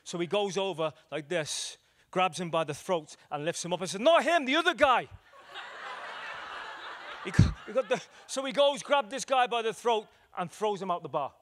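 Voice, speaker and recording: A male evangelist preaching a sermon, telling stories with acted quotes and swinging between loud declarations and hushed moments. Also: high-pitched, fairly quick, hardly any pauses. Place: church hall.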